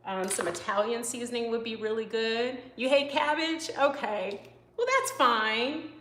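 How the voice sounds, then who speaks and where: A woman's voice: fairly high pitch, lively intonation, a little slow, a bit bright, roomy sound, poor audio. Chatty woman chef streaming live. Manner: chatty and rambling, full of "you know" and "like", answers comments as she cooks. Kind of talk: casual live cooking stream, chatting with viewers. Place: home kitchen.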